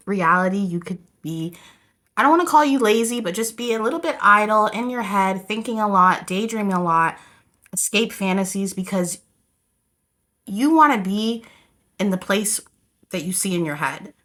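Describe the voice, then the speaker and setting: A woman's voice: medium pitch, lively intonation, moderate pace, fairly bright tone. A woman giving a casual, rambling tarot reading to camera, talking straight to her viewers. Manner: chatty, rambling, addresses viewers as "you guys". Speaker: tarot reader.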